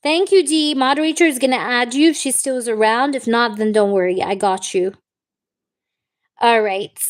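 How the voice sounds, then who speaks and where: A woman's voice: a little high, normal speed. A woman giving a live-stream tarot reading, chatty and reassuring, often checking in with "okay?" and calling the viewer "baby". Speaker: tarot reader.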